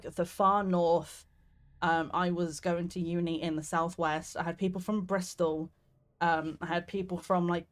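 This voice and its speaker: Chatty young woman with a southeast English accent. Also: on the low side. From southeast England. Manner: chatty, rambling, laughs often, swears casually. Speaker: game streamer. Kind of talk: casual gameplay commentary.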